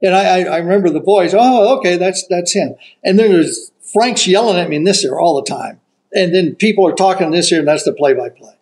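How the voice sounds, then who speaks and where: An older man, a golf broadcaster, telling a story as an animated raconteur who acts out the quotes. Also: high-pitched, fast talker, a little hiss or hum, rough recording. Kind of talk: casual storytelling.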